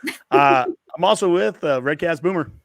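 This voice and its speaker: A man's voice: fairly high pitch, animated, moderate pace, creaky, dry recording, studio quality. A man hosting a casual sports podcast with easygoing chat and sponsor plugs. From Nebraska. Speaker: podcast host.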